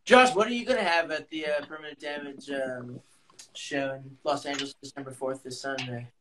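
A man co-hosting a casual podcast chat, teasing and telling stories with halting restarts. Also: medium pitch, bright, forceful tone, slight background noise. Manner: teasing, acts out anecdotes with hesitant restarts. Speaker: podcast co-host.

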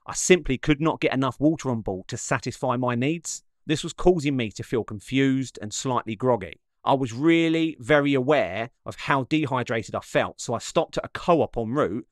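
A man's voice: mid-range voice, no echo. Dry, close voice-over of a man. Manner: measured, slightly dramatic storytelling. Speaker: vlogger narrating his own run. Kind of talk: reflective voice-over narration.

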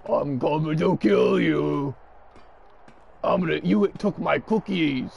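A man putting on the voice of a gruff, cookie-crazed monster for his wrestling game character. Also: fairly high pitch, slow, darkish tone, muffled recording, slight background noise, heavily acted. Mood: menacing.

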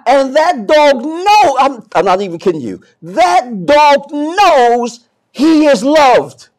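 A man preaching a sermon as pastor, swinging from soft to loud and often repeating and restarting words. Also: very high-pitched, very animated, slow.

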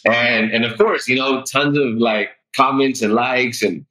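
Guy on a podcast spilling his story, real bright voice, super chatty, tons of "like" and "right?". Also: medium pitch, measured pace, low-quality recording. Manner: animated and chatty, full of "like", "right?" and "dude". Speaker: podcast guest sharing his weight loss story. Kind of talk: casual interview storytelling.

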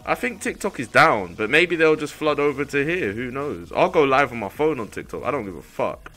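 A man's voice: mid-range voice, lively intonation, a little fast, sharp tone, faint music behind. A young man streaming live, ranting at his chat in an irritated, profane way. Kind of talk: livestream chat to viewers.

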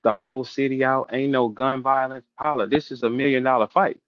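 A middle-aged man hosting a casual interview, loudly calling out a rival with brash, repetitive trash talk. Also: medium pitch, fairly even intonation, fairly quick, dry recording. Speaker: host. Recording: dull, dry lo-fi sound.

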